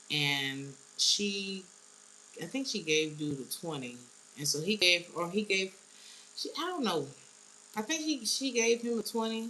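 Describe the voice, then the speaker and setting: Woman, low-pitched tarot reader, blunt slang, frequent laughs; faint hiss on the track. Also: pushed and bright, poor audio. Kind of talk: casual tarot reading.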